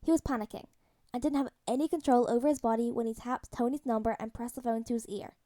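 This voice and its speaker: A woman narrating a story aloud as a podfic, her voice fairly high yet mellow and warm. She reads in a soft, even storytelling manner, steady from line to line. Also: quick pace. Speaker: podfic reader. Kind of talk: audiobook-style fan fiction reading.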